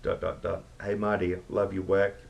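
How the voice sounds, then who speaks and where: A man's voice: deep voice, level tone, moderate pace, vocal fry. Man doing his boozy, swearing Aussie mate. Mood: rowdy. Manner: swearing, rowdy, laughs a lot. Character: crude boozy male Aussie mate, loud.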